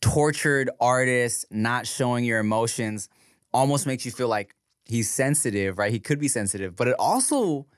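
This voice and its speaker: A man's voice: mid-range voice, lively intonation, moderate pace, no echo, studio quality. A man co-hosting a podcast in casual chat, with laid-back slangy talk and frequent "you feel me" asides. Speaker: podcast co-host.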